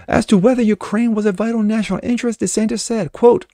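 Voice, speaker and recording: A man's voice: sits high, steady tone, quick pace, gravelly, dark tone, no echo, studio quality. A man reading political news articles aloud and breaking in with mocking, sarcastic asides. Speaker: political commentary host.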